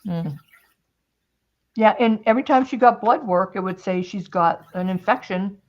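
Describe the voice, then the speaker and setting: A woman's voice: medium pitch, normal speed, a little mellow, muffled recording. A woman hosting a casual craft-and-chat stream, telling a long story in a rambling way with many restarts. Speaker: host.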